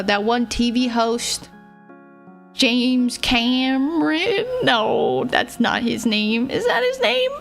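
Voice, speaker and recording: Slow-talking giggly young woman streamer. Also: on the high side. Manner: rambling, giggly, self-deprecating; mumbles a little. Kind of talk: casual livestream chat. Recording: faint music behind.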